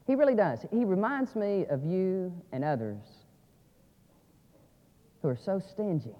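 Fiery preacher in reverberant church. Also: male voice, big pitch swings, unhurried, long pauses. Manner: swings from low asides to shouted climaxes. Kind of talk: sermon. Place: church sanctuary. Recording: lo-fi audio with long church reverb.

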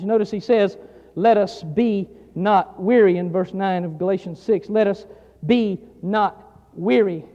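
A male pastor preaching a sermon, emphatic and repetitive, building louder on key lines. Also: high-pitched. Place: church sanctuary. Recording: dull sound in a long reverberant hall.

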